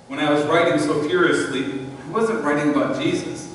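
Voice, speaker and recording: A male pastor preaching a sermon in a church, telling a story and swinging between hushed and loud. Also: a little high, brisk, few pauses. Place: large church sanctuary. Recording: distant mic, long church reverb, faint noise.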